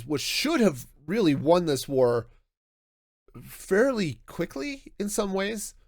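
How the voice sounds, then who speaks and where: A man hosting a podcast, talking through a book review in a casual, animated way, often restarting his sentences. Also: mid-range voice, no echo, studio quality. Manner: animated, self-interrupting with restarts and laughs. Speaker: podcast host.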